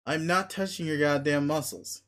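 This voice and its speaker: A man reading a webcomic aloud, voicing an unimpressed young man who answers in flat, curt refusals. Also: on the high side, normal speed. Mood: deadpan.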